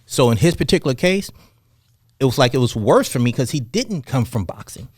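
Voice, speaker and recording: A man, a boxing fitness coach, telling stories on a podcast in an animated, passionate way. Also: mid-range voice, brisk, slightly rough, no room sound, clean studio sound. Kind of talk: casual podcast storytelling.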